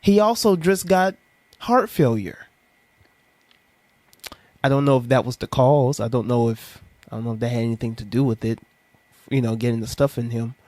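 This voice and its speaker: A young man ranting in an animated, sarcastic, preachy vlog monologue. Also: mid-range voice, fast talker, no echo. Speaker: commentary vlogger.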